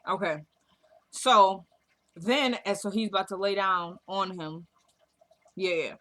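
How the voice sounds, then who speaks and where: A woman talks through a TV episode in a loose, joking vlog style. Her voice is bright and forward. She slips into the characters' lines as she goes. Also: medium pitch, slow. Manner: chatty, jokey, acts out lines from the show. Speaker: TV episode recapper. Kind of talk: casual recap vlog.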